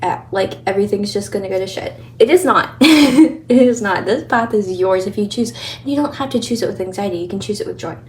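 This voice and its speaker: A woman's voice: medium pitch, fairly quick, slight background noise. A young woman giving a casual tarot reading, chatty and encouraging, a little out of breath and laughing often. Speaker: tarot reader.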